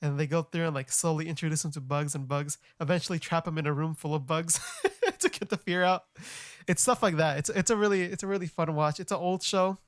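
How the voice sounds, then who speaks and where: A young man co-hosting a podcast, explaining things in a relaxed, plain way. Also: on the high side, brisk, no room sound, clean studio sound. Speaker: podcast co-host. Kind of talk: casual podcast chat.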